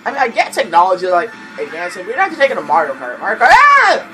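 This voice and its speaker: A man hosting a casual co-op gameplay commentary, excitable and swearing a lot, yelping and laughing at mishaps. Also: high-pitched, very fast, rough recording. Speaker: gaming channel host. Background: loud game music.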